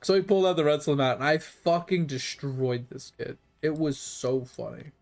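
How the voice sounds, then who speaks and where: A man's voice: on the high side, normal speed, creaky, a little mellow, faint music behind. Rambling, profane male streamer. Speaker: game streamer. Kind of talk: casual storytelling.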